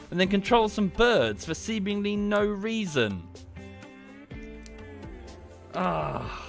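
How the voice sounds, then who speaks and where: A man streaming a game, rambling in a casual chat that turns into heated ranting with sudden high outbursts. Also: very animated, slow pace, gravelly, long pauses, soft background music. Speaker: gaming streamer.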